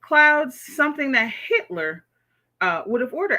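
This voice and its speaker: American woman streaming, bright sharp voice, kinda high, blunt and cussing, keeps saying okay?. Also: measured pace. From United States. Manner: blunt, profane, animated, repeats "okay?". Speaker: livestream host reading chat. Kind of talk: casual livestream commentary.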